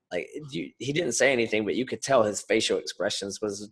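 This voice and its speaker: Give me an animated, rambling male podcast co-host who swears casually. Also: lowish voice, normal speed, slightly rough. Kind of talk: casual chat.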